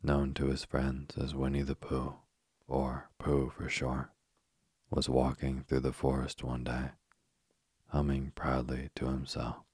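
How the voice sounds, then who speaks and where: A man narrates a bedtime story in an extremely deep, husky voice that barely moves in pitch. His soft, unhurried reading is recorded close and dry. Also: completely flat delivery, no echo. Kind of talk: slow sleep story narration.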